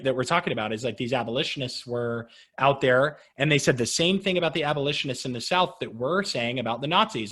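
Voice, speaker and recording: A man's voice: medium pitch, a bit bright, husky. Young man, podcast co-host, casual talk, laughs easily, restarts often. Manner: conversational, laughs easily, frequent restarts and fillers. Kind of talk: casual political discussion.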